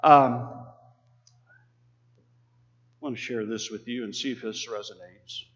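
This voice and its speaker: Earnest preacher from Texas, muffled. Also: male voice, mid-range voice, steady tone, measured pace, a bit bright. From Texas, USA. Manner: earnest, conversational, calls on the congregation to repeat lines. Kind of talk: sermon. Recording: dull lo-fi sermon recording.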